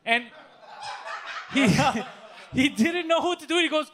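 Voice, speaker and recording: A man's voice: very high voice, slow pace, a little hiss or hum. A man chatting casually and telling a story, acting out the voices with lots of laughter. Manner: animated storyteller, acts out voices, laughs often.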